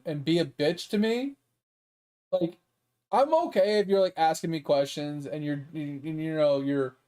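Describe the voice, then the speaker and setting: A man's voice: a little high, darkish tone. A young man streaming a game, ranting in a heated, profane, exasperated way. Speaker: gaming streamer. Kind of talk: casual ranting commentary.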